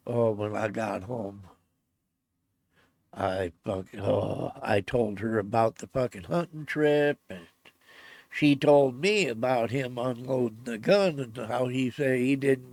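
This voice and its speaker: A middle-aged man recounts a personal event in casual speech, his gravelly, mid-range voice captured in a dry recording. He's blunt and swears constantly, growing heated and loud as the story goes on.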